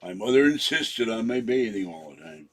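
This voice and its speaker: A man's voice: fairly low pitch, lively intonation, moderate pace, fairly bright tone, husky. A man in his seventies telling a meandering personal story, trailing off and correcting his own words, his throat sore from coughing. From San Francisco. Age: 70s. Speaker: channel host.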